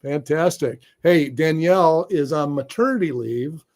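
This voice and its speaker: A man's voice: fairly high pitch, measured pace, a little mellow. A man from Michigan hosting a live webinar interview over a video call, upbeat and effusive with praise. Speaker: host.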